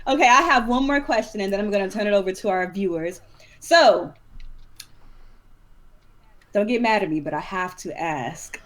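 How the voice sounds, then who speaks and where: A woman's voice: medium pitch, normal speed, pauses often. Woman running a chill online chat, laughs a lot, mid voice. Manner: chatty, laughs easily. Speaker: host. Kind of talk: casual group chat.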